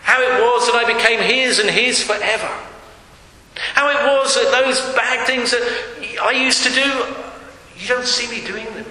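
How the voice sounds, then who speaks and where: Male preacher, high and sharp voice, emphatic, repetitive sermon delivery, long hall reverb. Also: moderate pace. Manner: emphatic, repeating phrases, dropping to hushed tones. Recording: echoey hall with faint hiss.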